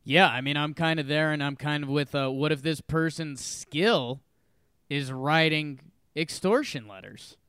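A man's voice: a little high, unhurried, a bit bright, clean tone, no room sound, clean studio sound. A man co-hosting a podcast, chatting casually with wry, short replies. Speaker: podcast co-host. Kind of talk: casual comedic chat.

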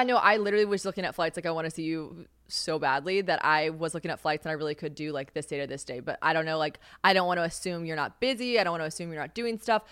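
A woman's voice: low-pitched, fairly bright tone, no room sound, studio quality. A young woman hosting a podcast, telling stories in casual solo chat, self-mocking and swearing freely with lots of "like". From United States. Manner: chatty and self-mocking, heavy use of "like", swears freely, laughs often. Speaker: podcast host.

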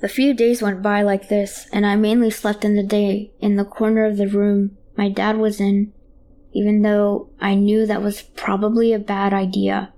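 A woman's voice: mid-range voice, mellow, a little hiss or hum. A woman reading a horror story aloud in a child's hesitant first-person voice. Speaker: narrator. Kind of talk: scripted horror narration.

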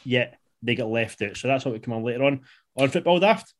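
A man's voice: mid-range voice, expressive. Chatty man hosting. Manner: laid-back, chatty, quick asides. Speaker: podcast host. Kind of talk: casual football chat.

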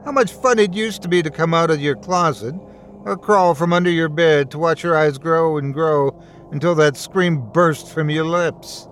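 A man's voice: a little high, normal speed, a bit bright, faint music behind, voice pushed up, lightly acted. A man voicing a sinister, ageless male boogeyman who taunts with mocking glee. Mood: taunting. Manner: mocking, relishing cruelty.

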